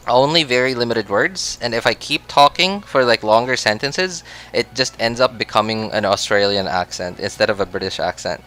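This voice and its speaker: A man's voice: medium pitch, bright, forceful tone. A man chatting casually on a game livestream, rambling with many restarts and frequent laughs. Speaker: game streamer.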